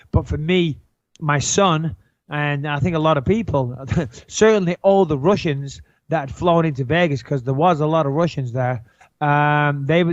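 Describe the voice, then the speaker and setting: A man's voice: fairly high pitch, dry recording, highs cut off. A man co-hosting a podcast in casual chat, blunt and joking, swearing freely. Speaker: podcast co-host.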